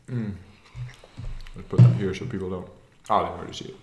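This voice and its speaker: A podcast co-host jokes through a casual chat while eating at a table in a room. His voice sits on the low side, with lively intonation, normal speed, and long pauses. The room sounds echoey, and faint table noise comes through.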